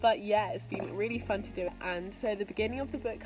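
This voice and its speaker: A young woman talking casually in a home vlog, relaxed and chatty with lots of fillers. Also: medium pitch, fast. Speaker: vlogger and podcast host. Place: home kitchen and garden. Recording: music playing underneath. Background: music.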